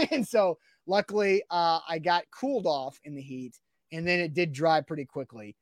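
A man hosting a sports radio morning show, telling a story in lively casual chat and acting out what people said. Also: high voice, normal speed, dry recording, clean studio sound. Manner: animated storyteller, acting out quotes.

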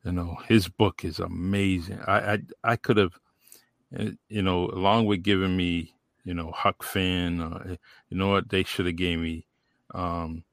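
Low gravelly guy hosting a podcast, laid back, rambly, lots of ums, dry close sound. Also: little pitch movement, a little slow, no echo. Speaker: podcast host. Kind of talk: casual interview chat.

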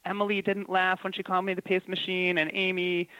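A man's voice: high voice, fairly quick, clear, resonant tone, dry recording, dull audio. A man who works as a comedy writer, chatting casually and telling stories with plenty of laughter. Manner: animated storytelling with frequent laughs. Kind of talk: casual chat.

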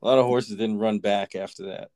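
A man's voice: on the low side, fairly even intonation, a little fast, darkish tone. A man with a Boston accent chatting easily as co-host of a racing talk show. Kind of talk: casual chat.

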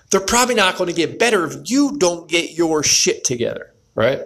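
A man's voice: a little high, very animated, moderate pace, few pauses, fairly bright tone. Pep-talking man telling a gym story. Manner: pep-talk, addresses viewers directly, repeats "right?". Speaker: vlogger. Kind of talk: casual motivational storytelling.

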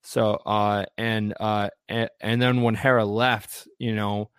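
A man's voice: fairly low pitch, little pitch movement, takes it slowly, a bit bright, clear, resonant tone, no room sound, clean studio sound. A man chatting casually as a podcast co-host, rambling with frequent restarts and fillers. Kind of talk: casual fan chat.

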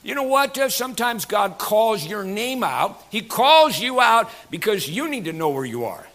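Bright-voiced man preaching a folksy sermon. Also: sits high, big pitch swings, moderate pace. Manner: folksy, jokey preaching with many fillers; swings between quiet asides and raised emphatic passages. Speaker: pastor.

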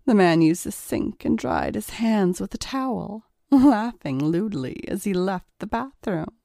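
A woman narrates an erotic audiobook in a calm, measured way. She reads slowly, with a dark, mellow tone. The recording is dry and close. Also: mid-range voice, gravelly, dry recording.

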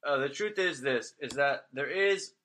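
Male podcast guest, sharp bright tone, rambling crude talker. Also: mid-range voice, expressive, a little slow, a little hiss or hum. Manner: rambling, full of "like", profane. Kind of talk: casual chat.

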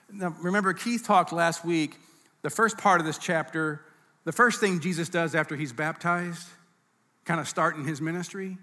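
A man's voice: a little high, pushed and bright. A man preaching a sermon as pastor, in a conversational teaching manner with asides and restarts. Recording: reverberant hall.

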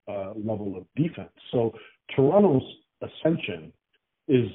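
A low, husky male voice comes through a thin, phone-like line. He talks hockey casually and hesitantly, full of fillers and restarts. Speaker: guest analyst. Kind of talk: casual sports talk.

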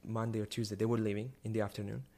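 Animated young man telling a story. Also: on the low side, very fast. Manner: animated, many restarts and rising emphasis. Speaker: guest sharing a testimony. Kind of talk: personal storytelling.

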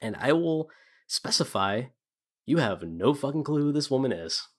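A man's voice: medium pitch, very animated, moderate pace. A man narrating as a game master of a tabletop role-playing game, describing scenes with frequent fillers.

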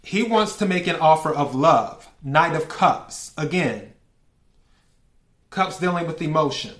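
Slow, laughing man reading tarot. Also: fairly high pitch, expressive, fairly bright tone. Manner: slow, laughs often, asks cards politely. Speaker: tarot reader. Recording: echoey room.

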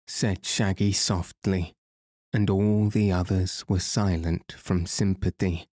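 A man narrating a storybook audiobook in a steady, even manner. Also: low voice, takes it slowly, dry recording, studio quality.

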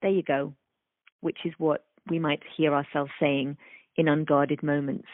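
A woman's voice: deep voice, level tone, unhurried, no room sound. A woman working as a speech-language pathologist, explaining thoughtfully in an interview and acting out little examples in a sing-song voice. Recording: dry, phone-like remote call audio.

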